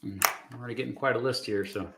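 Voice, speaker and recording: A man in his thirties or forties, a history teacher, reacting live to videos and thinking aloud with many fillers and restarts in a relaxed, reassuring way. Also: mid-range voice, rapid-fire, vocal fry, background noise.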